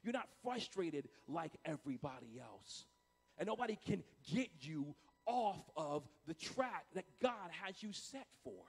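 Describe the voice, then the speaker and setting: A male pastor preaching a sermon emphatically and repetitively, swinging between booming and hushed delivery. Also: very animated, unhurried, vocal fry, husky.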